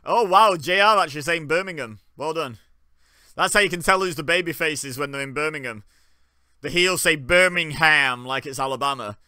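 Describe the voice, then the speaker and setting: A man's voice: a little high, a little fast, bright, forceful tone, no room sound, clean studio sound. A young man giving wry, joking commentary while watching along, often laughing. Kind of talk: casual live commentary.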